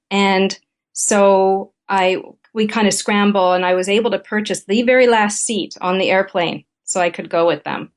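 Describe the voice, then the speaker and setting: Brief: middle-aged woman, therapist guest, easy conversational storyteller, medium pitch. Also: steady tone, normal speed. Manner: candid, conversational anecdote telling. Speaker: guest relationship therapist and author. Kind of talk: interview storytelling.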